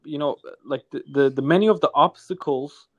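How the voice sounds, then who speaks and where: A man co-hosting a casual chat, speaking haltingly with frequent restarts and fillers. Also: fairly high pitch, dry recording, lo-fi sound.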